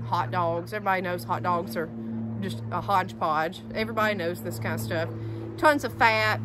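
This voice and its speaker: A woman's voice: medium pitch, noisy background. A woman, talking outdoors in a casual homestead vlog and repeating words for emphasis. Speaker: homestead vlogger. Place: outdoors by a garden with chickens. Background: chickens and roosters.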